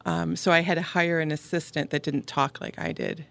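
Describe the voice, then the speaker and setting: Gravelly middle-aged woman, podcast guest. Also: low-pitched, steady tone, normal speed, fairly bright tone, dry recording. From upstate New York. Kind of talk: casual interview conversation.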